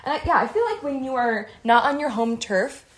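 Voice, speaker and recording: A woman co-hosting a casual chat, chatty and quick with a playful remark. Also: fairly high pitch, a bit bright, breathy edge. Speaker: podcast co-host.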